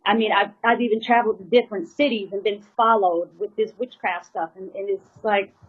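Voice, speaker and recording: Woman, mid-pitched, rambling and earnest, slightly muffled lo-fi sound. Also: steady tone, fairly quick, slightly rough. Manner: rambling, full of "you know" and "like" fillers; earnest, pleading. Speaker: drummer. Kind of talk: emotional personal account.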